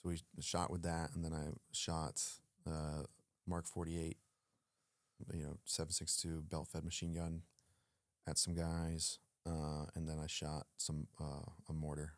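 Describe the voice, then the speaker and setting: Very deep-voiced guy telling army stories, chatty, lots of ums, does the other guys' lines, dry close mic. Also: unhurried, no room sound. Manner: animated, acts out quoted dialogue, frequent fillers. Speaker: guest, former Navy SEAL. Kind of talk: casual storytelling in an interview.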